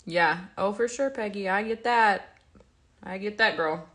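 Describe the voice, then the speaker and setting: During a casual livestream, a woman reads viewer comments out loud and replies, chatting in a rambling way. She sounds slightly stuffy and yawns, speaking at a measured pace in a mid-range, fairly bright voice.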